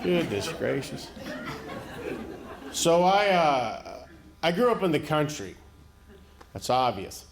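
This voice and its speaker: A man from rural Florida, telling stand-up stories in a folksy, unhurried way and laughing into his punchlines. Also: on the high side, very animated, creaky, a crowd in the background. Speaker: stand-up comedian. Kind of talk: stand-up comedy storytelling. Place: comedy stage before a live audience. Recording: live show with audience noise.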